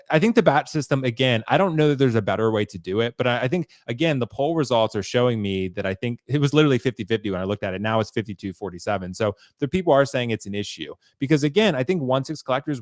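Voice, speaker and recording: A man hosting a casual podcast chat. He talks in a measured, hedging way and often says "I don't know.". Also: mid-range voice, no echo, clean studio sound. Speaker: host.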